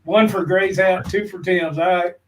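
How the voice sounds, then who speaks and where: A man's voice: high-pitched, steady tone, moderate pace, slight background noise, rough recording. A man, co-hosting a casual live-stream chat in a folksy, joking way. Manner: folksy, jokey, calls people brother. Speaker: prepping channel co-host.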